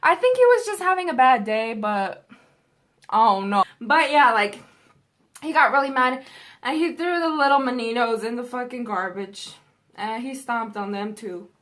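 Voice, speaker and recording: A woman's voice: fairly high pitch, animated, normal speed, a bit bright. A young adult woman vlogger telling a story in a casual, rambling, profane way.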